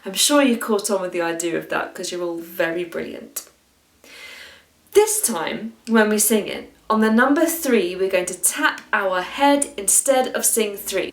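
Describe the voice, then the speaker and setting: A British woman music teacher leading a singing warm-up for children and families, cheerful and encouraging with a self-mocking humor. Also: medium pitch, animated, normal speed. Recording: echoey room.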